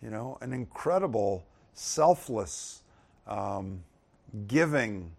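A man's voice: on the low side, expressive, slow, gravelly, a little mellow. A man leading a casual Bible teaching, talking conversationally and turning emphatic when he reads the verses aloud.

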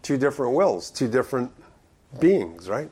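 A man preaching verse by verse, reading scripture aloud and explaining it in a conversational way, with loud emphatic stresses and low quiet asides. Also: sing-song, normal speed, breathy edge. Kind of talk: verse-by-verse Bible teaching.

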